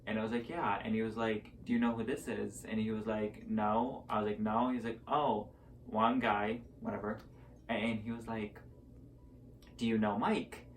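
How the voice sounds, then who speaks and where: A man's voice: fairly low pitch, level tone, normal speed, recorded from a distance, slight background noise, low-quality recording. A young man telling a story to a camera at home in a rambling, casual way, full of fillers, and acting out both sides of each conversation. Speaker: vlogger.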